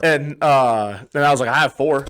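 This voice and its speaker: A man's voice: medium pitch, normal speed, fairly bright tone. A young man co-hosting a podcast, telling rambling bar stories in casual chat, swearing a lot and acting out what people said. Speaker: podcast co-host.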